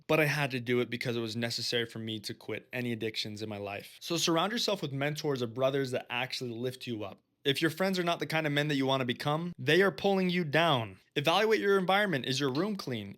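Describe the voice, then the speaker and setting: A man's voice: a little high, a bit bright. A man speaking earnestly and directly to his viewers, sharing a personal testimony and urging them on like a preacher. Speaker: faith-based self-help video host.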